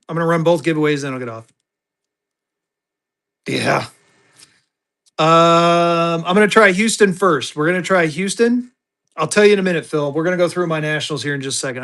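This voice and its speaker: A man runs a live online sale in easy, rambling chatter. His voice sits a touch higher than usual for a man. He talks his way through what he is doing and keeps calling out to viewers as y'all. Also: fairly bright tone. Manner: chatty, thinks aloud, calls viewers y'all. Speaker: livestream auction seller.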